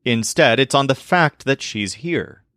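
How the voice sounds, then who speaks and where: Guy teaching a language lesson, really animated voice, clear explaining, dry close recording. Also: mid-range voice, dry recording. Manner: clear explanatory delivery, slows down for example phrases. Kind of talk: scripted lesson narration.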